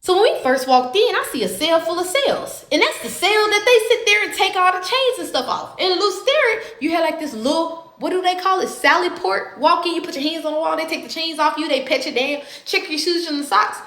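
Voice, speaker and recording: A woman, telling a story in a dramatic, profane, animated way. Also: very high voice, fairly quick, hardly any pauses, reverberant. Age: 20s. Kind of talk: casual storytime.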